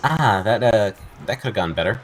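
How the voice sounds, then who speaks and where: Male gamer-commentator, deep, animated delivery, dry jokes aimed at his own pieces. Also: moderate pace, a little hiss or hum. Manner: dry, joking, talks to his game pieces. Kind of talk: casual gameplay banter.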